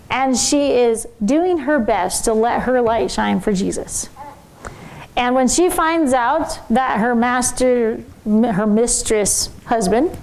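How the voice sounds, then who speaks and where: A tired woman teaching a Bible story in an animated, conversational way, asking her listeners questions. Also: high voice, rough recording.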